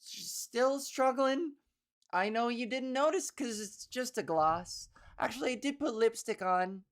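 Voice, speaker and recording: A woman's voice: fairly high pitch, lively intonation, a little slow. A young woman hosting a solo comedy podcast, playful and rambling with mock-theatrical asides. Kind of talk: casual solo comedy monologue.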